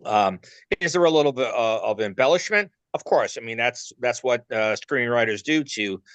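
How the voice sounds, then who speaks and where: A man's voice: mid-range voice, animated, moderate pace, fairly bright tone, no echo. A man with a New York accent, speaking as an interview guest in a loose way, with many fillers while he searches for words. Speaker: actor and filmmaker guest. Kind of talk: casual interview talk.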